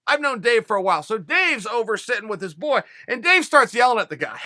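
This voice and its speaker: A man hosts a fan question show and talks through stories and opinions in a loose, animated way. His voice sits high and sounds very bright and forceful. The sound is dry and close. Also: a little fast, dry recording. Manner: animated, conversational, retells scenes with quoted dialogue. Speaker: host answering fan questions. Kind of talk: casual storytelling and commentary.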